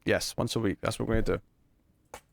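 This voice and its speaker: Co-hosting a relaxed TV review show, a young man from Scotland jokes around, teases and laughs frequently in his Scottish accent. His voice sits fairly low and sounds creaky, with fairly even intonation and a normal speed.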